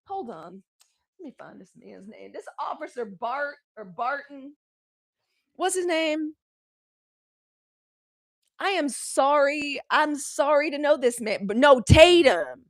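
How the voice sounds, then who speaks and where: A woman's voice: sits high, lively intonation, takes it slowly, pauses often, no room sound, studio quality. A middle-aged woman from Southern Mississippi hosting a live news show, talking candidly and profanely straight to her audience. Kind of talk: casual live commentary.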